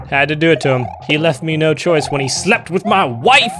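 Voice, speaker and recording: A young man giving comedic let's-play commentary, joking and breaking into sudden loud outbursts. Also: fairly high pitch, very animated, brisk, few pauses. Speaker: gaming YouTuber. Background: game music.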